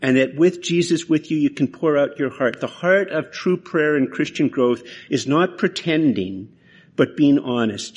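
A man's voice: fairly high pitch, moderate pace, husky. A man preaching a sermon in an earnest, conversational way, often restarting his phrases. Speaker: pastor.

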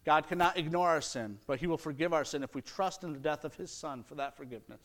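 A man's voice: fairly high pitch, quick pace, fairly bright tone. Man preaching an earnest sermon. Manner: earnest preaching with rising emphasis and mocking quoted excuses. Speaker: pastor.

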